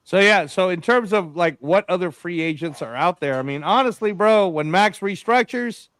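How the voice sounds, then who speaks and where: High-voiced, rambling podcast host man. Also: moderate pace, dry recording. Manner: animated, rambling, says "bro" and "man" a lot. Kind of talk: casual sports podcast chat.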